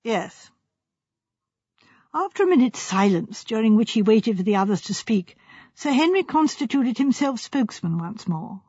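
A woman narrating a story in a measured reading style. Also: on the high side, sing-song, mellow, slightly rough, no echo. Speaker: audiobook narrator. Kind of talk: scripted narration. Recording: slightly dull, dry recording.

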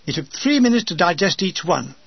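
A man's voice: high-pitched, very animated, fairly quick, vocal fry, husky, no room sound, dull audio. An older man reading his humorous wartime memoir aloud with a dry comic delivery, briefly mimicking his comrades.

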